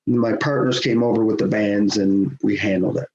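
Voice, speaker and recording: A man's voice: on the low side, moderate pace. Middle-aged man telling a story, roomy. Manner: animated, acts out quoted voices, chuckles often. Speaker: podcast guest, hockey official. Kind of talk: conversational storytelling. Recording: roomy, dull sound with faint hiss.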